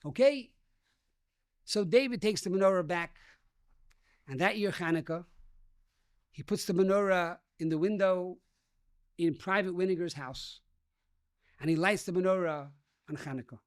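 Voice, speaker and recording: A man's voice: high voice, normal speed, pauses often, no echo, clean studio sound. A rabbi giving a sermon, telling a story and addressing his listeners as dear friends.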